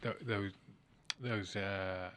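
A man hosting a casual interview, animated and telling stories, sometimes swearing and mimicking with loud exclamations. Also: lowish voice, drawn-out words, dry recording. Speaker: podcast host.

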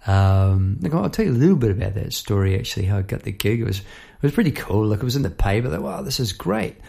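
A young man telling a story in a casual, animated way, acting out the people in it. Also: fast, creaky, slightly rough. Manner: animated, chirps bird noises and acts out people in high voices.

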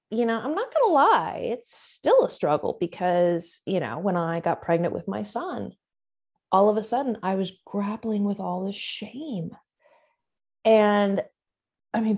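A woman's voice: mid-range voice, mellow. A woman in her forties, an interview guest speaking candidly and earnestly about her own life, with wry asides. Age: 40s.

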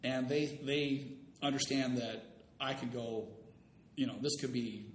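A man's voice: fairly even intonation, unhurried. A middle-aged man in casual chat, rambling and acting out the people in his story. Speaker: storytelling guest. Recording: roomy room with faint rumble.

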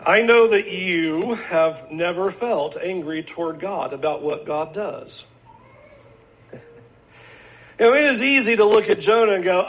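Male pastor, higher-pitched voice, earnest measured sermon delivery with rhetorical questions. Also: animated.

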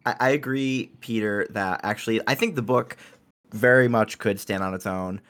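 A man's voice: lowish voice, normal speed, fairly bright tone. A man co-hosting a book podcast, stumbling over restarts and speaking emphatically, with casual swearing. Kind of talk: casual book-club chat.

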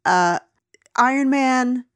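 A woman's voice: high voice, slow pace, no room sound. Woman, casual rant, filler-heavy, dry recording. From United States. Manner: animated, ranting, many fillers and restarts. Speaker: podcast co-host reviewing a film. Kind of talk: casual opinionated chat.

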